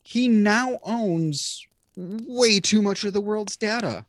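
A podcast host in their thirties chatting casually, animated and ranting, with some swearing. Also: mid-range voice, slow, no echo. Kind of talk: casual chat.

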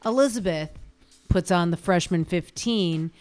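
A middle-aged woman co-hosting a comedy podcast with wry, quick banter and an upbeat announcing delivery. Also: on the low side, darkish tone, faint music behind. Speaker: podcast co-host.

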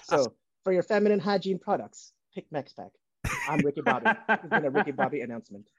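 A man's voice: fairly high pitch, lively intonation, quick pace, dull audio, a little hiss or hum. Man putting on Ricky Bobby, brash racer. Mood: mock announcement. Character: brash cocky male race car driver.

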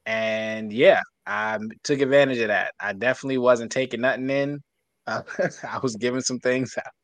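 A man's voice: mid-range voice, normal speed, no room sound. A man, co-hosting a podcast and telling a story in a laid-back, coy way. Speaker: podcast co-host. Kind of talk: casual storytelling chat.

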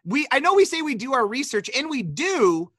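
A man's voice: extremely high pitch, sing-song, moderate pace, fairly bright tone, dry recording, clean studio sound. A young man from the American Midwest, co-hosting a podcast in casual, teasing banter full of swearing. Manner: joking, profane, teasing. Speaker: podcast co-host.

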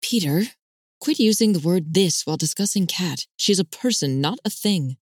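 A woman voicing a calm, firm middle-aged mother who speaks in a measured, scolding way. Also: on the low side, slightly rough, no room sound, clean studio sound.

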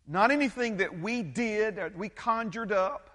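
Man, pastor, sermon, emphatic, repeats himself, high voice, long hall reverb. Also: animated, measured pace, hardly any pauses, fairly bright tone. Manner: emphatic, repetitive, questioning the congregation.

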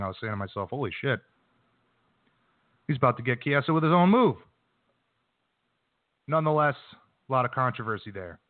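A man's voice: medium pitch, no echo. A man hosting a combat sports radio show, recapping the week's news in a casual, brash manner before interviewing a fighter. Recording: dry phone-quality line.

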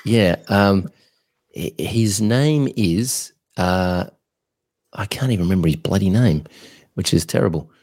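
A man co-hosting a podcast, giving business coaching advice in an energetic, blunt, rambling way. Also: low-pitched, unhurried.

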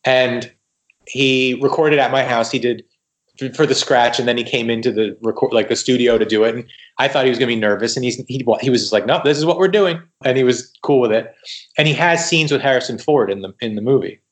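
A man guesting on a podcast tells stories in a casual, lively way. He acts out the quoted dialogue and often restarts a sentence mid-thought. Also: mid-range voice, a little fast. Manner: animated retelling with quoted dialogue and frequent restarts. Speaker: guest writer. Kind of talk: casual storytelling in a podcast interview.

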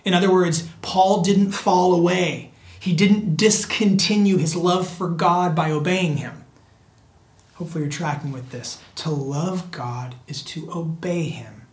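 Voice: medium pitch, measured pace. Earnest preacher in an echoey room. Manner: earnest, repetitive, often addresses listeners as friends. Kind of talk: sermon.

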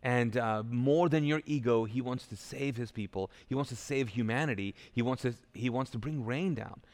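A man's voice: mid-range voice, normal speed, a little mellow. A male pastor preaching a sermon live in a church, retelling a story in a casual, joking way with loose paraphrase. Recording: live church hall reverb.

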